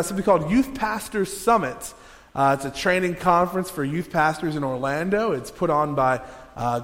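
A male pastor with a fairly high voice preaches in a relaxed, joking way. He talks straight to his congregation and pulls them into little exercises. His voice rings out with a long echo in a large hall. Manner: casual, joking, interactive with congregation. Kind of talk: sermon.

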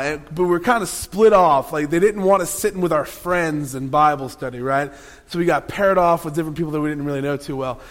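A man preaching a sermon, telling a lively personal story with playful asides to the congregation. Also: a little high. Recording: long hall reverb.

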